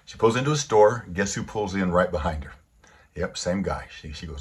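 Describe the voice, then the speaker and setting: A man giving a storytelling sermon, lively and animated, acting out the people in his stories. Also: low-pitched, fairly quick, breathy edge. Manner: animated storyteller who acts out the quotes.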